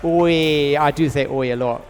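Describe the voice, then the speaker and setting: A man's voice: on the high side, measured pace, faint music behind. A man with a British accent doing casual, chatty fighting game commentary, upbeat and full of slang fillers. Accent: British English. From Britain. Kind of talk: casual live tournament commentary.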